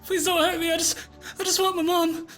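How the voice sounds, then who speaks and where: A man's voice: extremely high pitch, little pitch movement, a little fast, fairly bright tone, soft background music, pitched above the performer's own voice. A man voicing a small frightened human girl, pleading and tearful.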